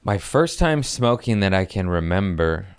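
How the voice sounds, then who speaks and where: A man's voice: low-pitched, moderate pace, clean tone, no echo. A man in his thirties hosting a comedy podcast, telling crude stories in a casual, profane way and acting out the voices in them. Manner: profane, animated storyteller who acts out voices.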